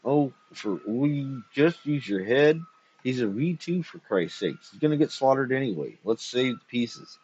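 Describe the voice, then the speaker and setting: A man reading aloud, voicing a gruff, blunt, swearing male robot mechanic in a husky voice. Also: mid-range voice, lively intonation, moderate pace, darkish tone, voice pushed up. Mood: exasperated. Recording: dull lo-fi recording.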